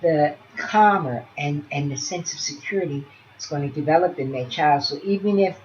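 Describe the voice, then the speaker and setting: Chatty woman teacher, slightly low voice. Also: highs cut off, slight background noise. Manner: chatty, talks softly to pretend infants. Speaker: early childhood teacher. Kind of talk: teaching demonstration with toys.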